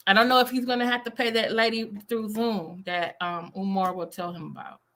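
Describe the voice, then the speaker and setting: Bright-voiced woman, skeptical commentator. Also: medium pitch, steady tone, fairly quick. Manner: rambling, many fillers, skeptical. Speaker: teacher and commentator. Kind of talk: casual reaction commentary.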